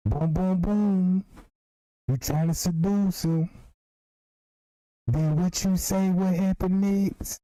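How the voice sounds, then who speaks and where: A man's voice: high-pitched, steady tone, takes it slowly, long pauses, mellow, no echo, rough recording. A man giving emphatic casual commentary on a video, repeating himself to point things out. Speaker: streamer commenting on footage.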